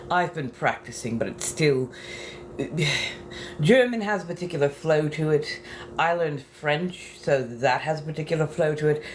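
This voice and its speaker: A woman chatting softly as an ASMR creator at home, musing unhurriedly and practicing phrases aloud. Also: deep voice, a little hiss or hum. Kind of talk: soft-spoken ASMR chat. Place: home apartment.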